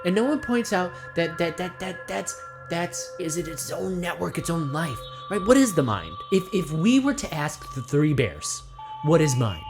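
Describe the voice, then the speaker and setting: A man's voice: sits high, very animated, gravelly, music in the background. A man delivering a rambling satirical monologue, speaking of himself in the third person and firing off rhetorical questions. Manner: acts out voices in quick asides. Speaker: comedy video essayist.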